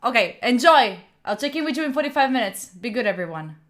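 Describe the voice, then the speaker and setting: A woman's voice: a little high, lively intonation, fast, a bit bright. A woman from Italy hosting a study live stream, chatting playfully with her viewers, laughing and swearing often. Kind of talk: casual live-stream chat.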